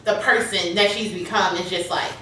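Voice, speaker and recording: A woman's voice: mid-range voice, fairly even intonation, normal speed, sharp tone, a little hiss or hum. A woman co-hosting a casual TV recap, giving blunt, profane opinions on the characters. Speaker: recap co-host. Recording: echoey room, mic far off.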